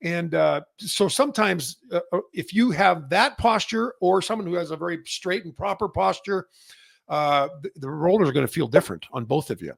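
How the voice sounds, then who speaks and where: A man's voice: high voice, animated, moderate pace, gravelly, no echo, clean studio sound. A middle-aged man from Canada, hosting a casual industry update and rambling with many fillers and restarts. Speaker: massage chair retailer and host.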